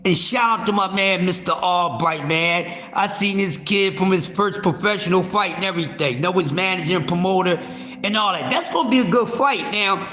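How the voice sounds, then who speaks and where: A man hosting a casual boxing livestream, talking loudly with lots of profanity and restarts. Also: high voice, normal speed, echoey room, faint music behind. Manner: loud, profane, animated, with repeated fillers and restarts.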